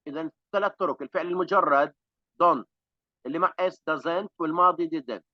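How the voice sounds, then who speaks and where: Fast-talking teacher. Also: male voice, high-pitched, no echo, highs cut off. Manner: switches to rapid explanations between slow examples. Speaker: English teacher. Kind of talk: online class teaching.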